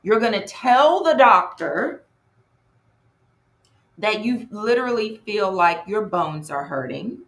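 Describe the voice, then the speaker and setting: A woman from North Carolina hosts a live online workshop as a coach, chatting lively with viewers and greeting them by name in the chat. Her mid-range voice takes things slowly with frequent pauses, and the room sounds echoey.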